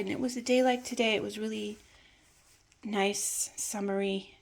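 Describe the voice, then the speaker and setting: A woman telling a personal family memory in a reflective, hesitant way, sometimes dropping to a soft near-whisper. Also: medium pitch, steady tone, unhurried, vocal fry. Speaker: storyteller.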